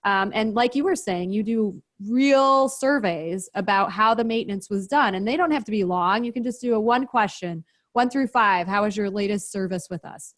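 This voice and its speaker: A woman guest on a podcast, explaining her business practices in a brisk, practical, step-by-step way. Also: fairly high pitch. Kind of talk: interview, explaining.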